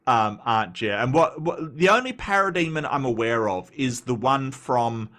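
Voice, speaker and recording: Sweary Australian man, lively pitch. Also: normal speed. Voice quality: sweary, blunt, rambling with restarts. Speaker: commentary host. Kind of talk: casual reaction commentary, reading chat.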